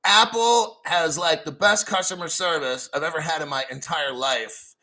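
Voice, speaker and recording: A foul-mouthed middle-aged man with a slightly high, sharp and forceful voice hosts a livestream, ranting combatively. He rambles from one complaint to the next without any polish. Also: moderate pace, low-quality recording. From United States. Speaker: crypto livestream host. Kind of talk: profane ranting livestream talk.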